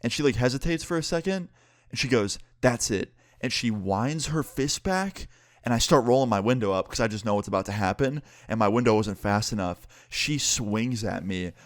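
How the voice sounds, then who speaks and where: A young man telling a storytime to his channel in a casual, excited way with a lot of swearing. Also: medium pitch, normal speed, no echo, clean studio sound. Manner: casual, profane, excited retelling. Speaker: YouTuber. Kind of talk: storytime monologue.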